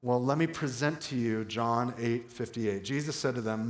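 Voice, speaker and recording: A male pastor preaching an animated sermon, shifting between loud emphatic bursts and slow, quiet phrases. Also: mid-range voice. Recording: echoey hall reverb.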